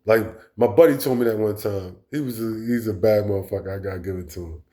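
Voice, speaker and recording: A man's voice: lowish voice, quick pace, warm tone. A man delivering a blunt, profane, rambling monologue as a vlog host. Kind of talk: casual monologue rant.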